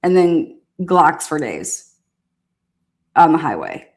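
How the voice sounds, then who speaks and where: Woman, lower register, casual foul-mouthed storyteller, lively and amused. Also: slow pace. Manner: profane, animated, laughing while telling a story. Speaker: storyteller recounting past events. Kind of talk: casual anecdote.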